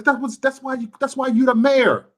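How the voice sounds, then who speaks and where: A man's voice: very high voice, steady tone, moderate pace, fairly bright tone. A man ranting to his livestream chat, impassioned and repeating himself for emphasis. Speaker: YouTube livestreamer.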